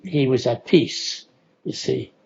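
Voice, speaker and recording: Older man, storyteller, slow and unhurried, chuckles often, muffled lo-fi recording. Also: mid-range voice, sing-song, darkish tone, a little hiss or hum. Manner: unhurried, laughing often, with frequent fillers. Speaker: oral history storyteller. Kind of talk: relaxed personal storytelling.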